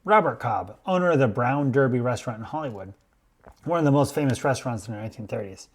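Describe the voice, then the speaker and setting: Male podcast host, measured storyteller, mid-pitched voice. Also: expressive. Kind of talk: scripted explainer podcast.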